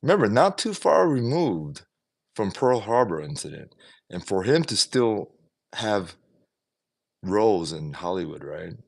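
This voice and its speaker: A man's voice: lowish voice, sing-song, a little slow, vocal fry, darkish tone. A man ranting in an opinionated, casual way on a livestream, swearing now and then. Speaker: livestream vlogger.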